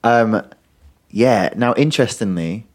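A man with a lowish voice co-hosting a relaxed podcast. He tells stories in a dry, understated way and quotes other people's lines as he goes. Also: a little slow. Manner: dry storytelling, acts out a child's lines. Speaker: podcast co-host, primary school teacher. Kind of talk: casual chat.

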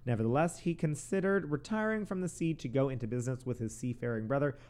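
A man's voice: medium pitch, quick pace, a little mellow. A man hosting a podcast, reading a history story aloud from notes with stumbles, self-corrections and giggles in casual chat. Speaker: podcast host.

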